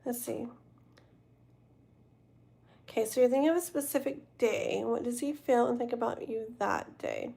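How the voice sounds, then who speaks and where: A woman with a fairly high voice hosts a tarot livestream late at night. She talks casually and rambles to her chat, full of fillers and restarts, and sounds worn out. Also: moderate pace, vocal fry, pauses often, dark tone, slightly rough. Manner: chatty and rambling, talking to viewers in chat, many fillers and self-corrections. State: tired and yawning. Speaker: tarot reader hosting a livestream.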